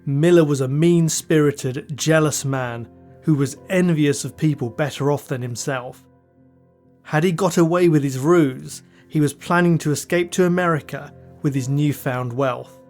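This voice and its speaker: A man narrates true crime for his podcast in a measured, dry, scripted delivery, dropping in the occasional wry aside. His voice sits a touch higher than most men's. A soft music bed runs quietly beneath him. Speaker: podcast host.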